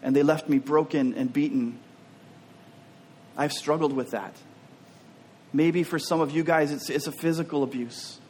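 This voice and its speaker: A man's voice: fairly high pitch, steady tone, unhurried, long pauses, a little mellow, a little hiss or hum. A man preaching a sermon as a pastor, talking in an earnest, openly personal way and often repeating words as he restarts.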